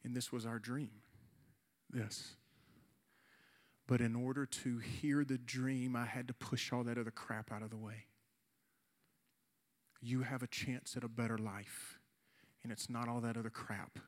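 Medium-pitched and flat in delivery, this man in his forties, a youth pastor, delivers an earnest altar-call sermon, slowing for emphasis as he pleads with the room.

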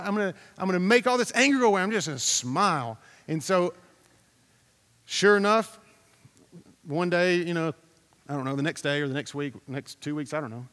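Man, pastor, sermon, high voice, chatty storytelling, repeats phrases, long hall reverb. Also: a bit bright. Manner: conversational and storytelling, repeats phrases, asks the congregation questions.

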